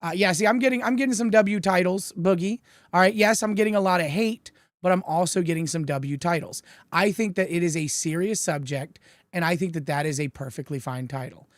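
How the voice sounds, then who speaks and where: A man with a high voice hosts a livestream, introducing the topic at a fairly quick pace in a rambling, hesitant manner full of fillers. The audio is studio quality with no room sound.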